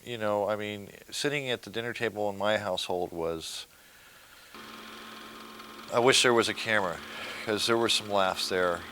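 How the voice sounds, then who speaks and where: A man recalling his childhood family in an interview, in a relaxed, reflective way. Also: fairly low pitch, normal speed, long pauses, a little hiss or hum. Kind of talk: interview recollection.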